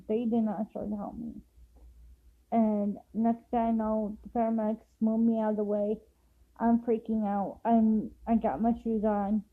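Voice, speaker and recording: A grieving mother telling a personal story to camera in a raw, emotional way, sometimes rushing her words. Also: a little high, little pitch movement, narrow, tinny audio. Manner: raw, emotional retelling, rushed bursts.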